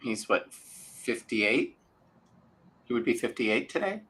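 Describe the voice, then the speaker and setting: A woman's voice: a bass voice, big pitch swings, takes it slowly, fairly bright tone, breathy edge, low-quality recording. A woman joining a livestream as a guest over a video call, chiming in with short agreements and questions. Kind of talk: casual livestream chat.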